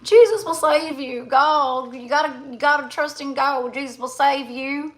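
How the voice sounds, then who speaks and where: A woman voicing a preachy Southern religious zealot in a put-on Southern accent, high and sing-song. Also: moderate pace, a bit bright.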